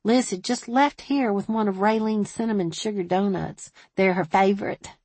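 A woman's voice: mid-range voice, moderate pace, darkish tone, no room sound, lightly acted. A woman voicing a chatty small-town switchboard operator who is eager and a bit defensive.

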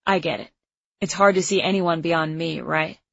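A woman's voice: sits low, normal speed, vocal fry, a bit bright, no room sound, heavily acted. Smug mocking teen bully guy done by a woman reading aloud, dry muffled sound. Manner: mocking, showy. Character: smug teenage boy, school bully. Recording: slightly muffled lo-fi recording.

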